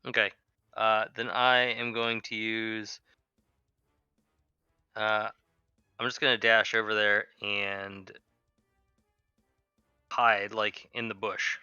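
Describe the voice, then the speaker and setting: Bright, crisp-voiced man playing a tabletop game. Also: on the low side, flat delivery, no echo, highs cut off, soft background music. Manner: easygoing, unhurried, thinking aloud. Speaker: player. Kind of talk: casual tabletop play.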